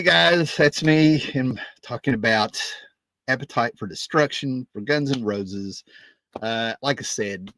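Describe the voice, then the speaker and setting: A man in his fifties with a fairly low voice tells a loose, rambling story about meeting musicians, speaking as a music vlogger. He keeps tossing in "right?" and "you know" as he goes. The sound is dry and close, with no room echo. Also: a bit bright. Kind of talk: casual storytelling.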